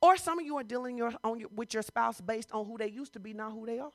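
A woman pastor preaching a sermon in a conversational style, full of rhetorical questions and rising to loud, emphatic bursts. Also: a little high, fast talker, dry recording.

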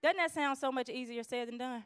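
Lively woman teaching to a church group. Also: sits high, clear, resonant tone, no echo, studio quality. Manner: lively, acts out quarrels in quick voices. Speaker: speaker teaching on conflict.

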